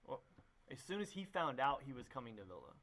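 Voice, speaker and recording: A man's voice: mid-range voice, big pitch swings, quick pace, a bit bright. Young man rambling through his testimony. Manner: rambling, many fillers and restarts. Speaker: youth pastor. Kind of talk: casual testimony conversation.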